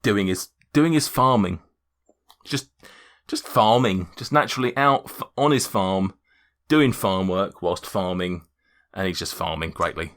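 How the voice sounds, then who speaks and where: Low-voiced man rambling as game master. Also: measured pace, fairly bright tone. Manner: rambling, hesitant, joking. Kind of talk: narrating a tabletop game.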